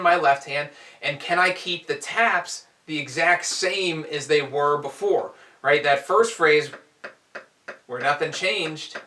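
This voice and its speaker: A man teaching a drum lesson, explaining strokes in a relaxed way and counting aloud as he demonstrates. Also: a little high, background noise. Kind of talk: instructional explanation. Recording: echoey room, heard from a distance.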